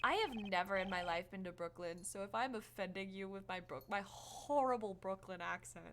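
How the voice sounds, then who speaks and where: A woman streaming a game, giving excitable casual commentary full of swearing and laughter. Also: medium pitch, moderate pace. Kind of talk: casual let's-play commentary.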